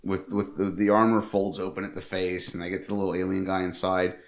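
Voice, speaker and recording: A man's voice: sits low, flat delivery, fairly quick, creaky. A man co-hosting a casual movie podcast, rambling and amused, laughing often. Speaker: podcast co-host.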